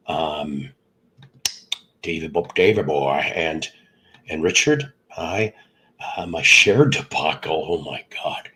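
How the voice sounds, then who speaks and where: A man's voice: low voice, fairly bright tone, slightly rough, poor audio. A middle-aged man who hosts a live stream, sounds congested from illness, and rambles with jokes as he greets viewers by name. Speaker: livestream host. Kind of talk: casual live chat with viewers.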